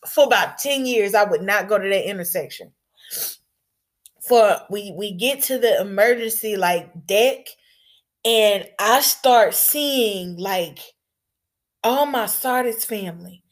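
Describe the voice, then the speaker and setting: A woman of medium pitch tells a personal story before an audience. It comes out casual and blunt, with halting delivery, repeated words and a touch of swearing.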